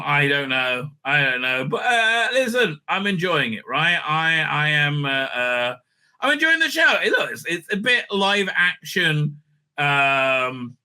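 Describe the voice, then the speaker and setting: A man with a sharp, bright voice and a slightly high pitch rambles through a casual episode recap. He stumbles on fillers constantly and tosses in crude asides. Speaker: show recapper and reviewer.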